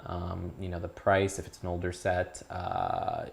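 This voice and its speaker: Teen guy rambling thru an interview, kinda low voice, lots of restarts. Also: a little slow, vocal fry. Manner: rambling, restarts often, animated when excited. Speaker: YouTube creator, guest. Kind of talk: casual interview chat.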